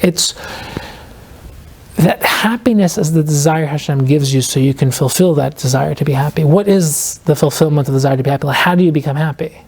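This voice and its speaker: A man, an author guesting on a podcast, explaining his ideas earnestly and reflectively, slowing down to stress key points. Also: a little high, a little mellow, husky. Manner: fills speech with "like" and quoted inner questions.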